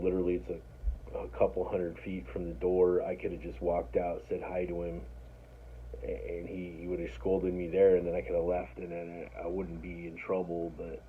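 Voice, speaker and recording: Deep-voiced man rambling over a tinny line. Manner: rambling, profane, self-deprecating, with many restarts. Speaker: storyteller recounting his life. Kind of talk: casual first-person storytelling. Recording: tinny phone-like audio with faint noise.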